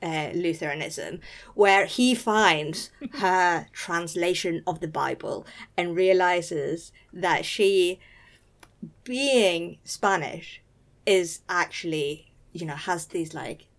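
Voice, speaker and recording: A woman's voice: fairly low pitch, slow pace. A woman co-hosting a casual book discussion, chatty and full of fillers. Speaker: podcast co-host.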